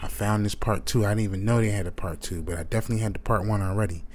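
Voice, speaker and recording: A man's voice: on the low side, racing, slight background noise. A man talking casually to his viewers in loose slang as a reaction video host. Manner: relaxed, informal slang.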